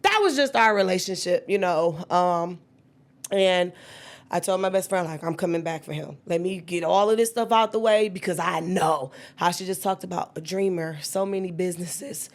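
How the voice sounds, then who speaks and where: A woman, telling her own story with candid feeling and acting out the quoted dialogue. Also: moderate pace. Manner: animated, acts out quoted dialogue with sudden high-pitched bursts.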